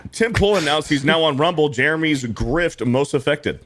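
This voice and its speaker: A man's voice: on the high side, normal speed, a bit bright. A man hosting a casual livestream, reading viewer messages aloud while hiccuping, profane and laughing through them. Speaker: host reading super chats.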